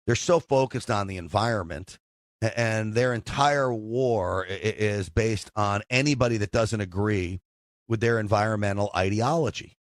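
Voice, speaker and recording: A man hosting a call-in talk radio show, joking, bragging and riffing with animated asides into a studio mic. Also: fairly low pitch, moderate pace, no room sound. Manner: jokey, boastful, animated asides.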